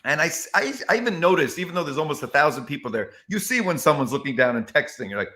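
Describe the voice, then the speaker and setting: A man, a comedian, telling stories in an interview with emphatic, expressive delivery that acts out quotes. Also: a little high, fast talker. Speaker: comedian guest. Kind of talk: animated interview storytelling.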